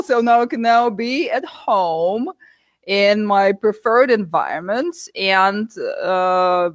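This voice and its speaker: A woman from the United States, a guest telling her story candidly with animated asides. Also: mid-range voice, takes it slowly, dry recording. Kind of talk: interview conversation.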